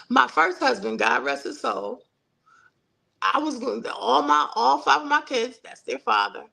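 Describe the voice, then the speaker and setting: A middle-aged woman talks casually on her livestream, folksy and chatty as she answers viewers. Her voice sits a little high and carries a heavy gravelly fry. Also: bright, forceful tone, poor audio. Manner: chatty, folksy, reads viewer comments aloud. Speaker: livestream host. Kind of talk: casual live-stream chat.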